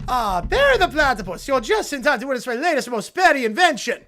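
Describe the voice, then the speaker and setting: A man voicing a petty, ranting evil scientist in a loud theatrical cartoon monologue. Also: very high-pitched, very animated, fairly quick, heavily acted.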